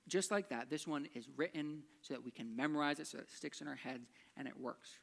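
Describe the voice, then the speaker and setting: A man's voice: on the high side, fairly quick, vocal fry, hardly any pauses, a bit bright. A man, a church pastor, giving a chatty teaching talk on a hymn's words and rhythm, tapping out beats aloud.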